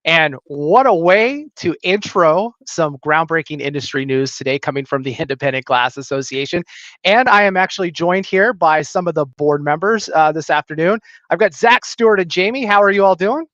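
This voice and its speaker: Jokey podcast host, dry dull sound. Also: male voice, on the high side, moderate pace, fairly bright tone, no room sound. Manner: loose and jokey, with fillers and restarts. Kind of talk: casual podcast chat.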